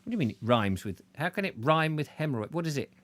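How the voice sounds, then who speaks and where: A man's voice: on the high side, very animated, fast talker, fairly bright tone. A man reading a travel book aloud, breaking off into playful, self-mocking comic asides. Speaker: audiobook reader.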